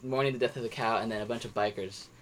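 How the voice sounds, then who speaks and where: A young man co-hosting a podcast chats casually about movies he watched, rambling with many restarts and fillers. His voice is medium-pitched and a bit bright, with a steady tone and quick pace, and there's a little hiss or hum on the recording.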